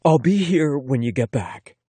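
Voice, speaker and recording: A man voicing a gentle, affectionate boyfriend who speaks softly and reassuringly in an audiobook. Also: medium pitch, lively intonation, measured pace, husky, dry recording, pitched above the performer's own voice. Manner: soft, warm, reassuring.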